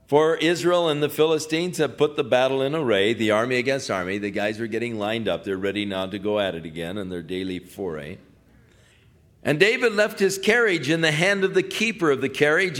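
A man preaching a sermon, retelling a Bible story in a folksy, animated way and mixing scripture with casual paraphrase. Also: mid-range voice.

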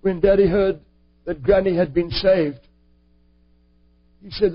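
High-pitched husky male preacher. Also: slow. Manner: earnest, emphatic. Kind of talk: sermon storytelling. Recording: dull lo-fi recording.

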